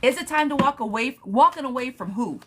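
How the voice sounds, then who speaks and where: A woman's voice: high-pitched, lively intonation, fairly quick, background noise. A woman reading tarot live for viewers, chatting casually and laughing often. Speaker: tarot reader.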